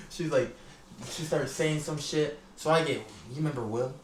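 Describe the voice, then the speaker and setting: Young male co-host, slightly high-pitched, laughs a lot, echoey room. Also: normal speed. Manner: laughing, profane, slangy. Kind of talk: casual storytelling chat. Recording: echoey room with faint noise.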